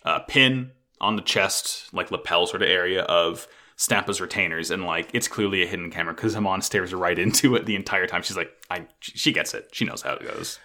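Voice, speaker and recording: A man's voice: sits low, brisk, sharp tone. A man co-hosting a casual podcast chat about an anime episode, sarcastic and full of profanity. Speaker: podcast co-host.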